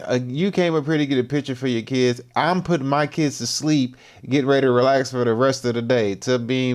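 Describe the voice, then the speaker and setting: A man hosting a livestream who reacts to a clip with laid-back slang and plain agreement. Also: mid-range voice. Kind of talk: casual reaction commentary.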